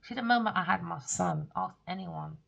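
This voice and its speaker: A woman giving a spoken tarot reading, blunt and excitable, swearing freely. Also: lowish voice, normal speed, creaky, rough recording. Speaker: tarot reader.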